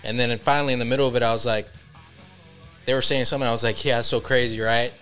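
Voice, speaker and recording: A man's voice: medium pitch, steady tone, quick pace, bright, forceful tone, faint music behind. A man co-hosting a podcast, joking around, laughing a lot and swearing freely in crude casual banter. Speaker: podcast co-host.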